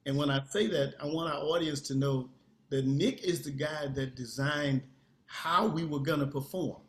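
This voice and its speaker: A man's voice: fairly high pitch, moderate pace. Earnest older man in an echoey room. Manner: earnest, emphatic. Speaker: guest singer. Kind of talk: interview conversation.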